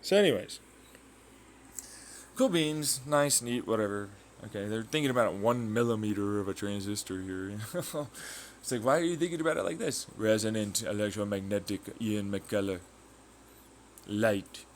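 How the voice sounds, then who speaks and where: A man's voice: medium pitch, expressive, normal speed, a little hiss or hum. A man from Arizona with an American accent, rambling casually in a monologue, repeating fillers and jumping between ideas. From Arizona, United States. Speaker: vlogger.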